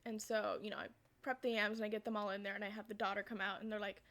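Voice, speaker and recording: A woman's voice: medium pitch, flat delivery, fast talker, a bit bright. A chatty woman telling a story in her vlog, wandering off on side tracks and laughing through it. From United States. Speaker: vlogger.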